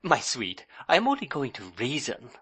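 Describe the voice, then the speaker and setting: A man reading an audiobook, voicing a childish, pleading young wife who sobs and coaxes in a much higher voice. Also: wildly swooping pitch, moderate pace, bright, forceful tone, slightly rough, full character voice. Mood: tearful. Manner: pleading, sobbing, coaxing.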